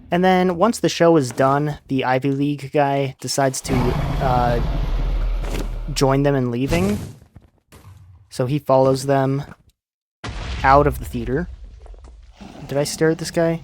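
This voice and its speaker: Young male host, mid-pitch, chatty game commentary with book recap, faint background noise. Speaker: let's play host.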